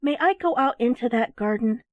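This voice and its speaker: Woman playing brave little boy, breathless, high, eager, dry sound. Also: lively intonation, moderate pace, no echo, lightly acted. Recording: dry, phone-like narrow sound.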